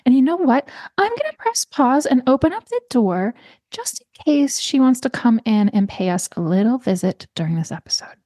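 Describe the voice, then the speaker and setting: Very animated and speaking at normal speed, the American podcast host comes through with a dry, studio-quality recording. Chatting casually on her solo show from a small room in her home, she stays warm and talkative, now and then slipping into high-pitched baby-talk for her cat.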